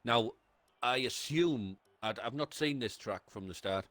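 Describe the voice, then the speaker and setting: A man's voice: mid-range voice, a little slow, fairly bright tone, no echo. A man with a Geordie accent commentating an esports race, talking through each corner step by step. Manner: talks through each corner step by step, rising as the lap builds.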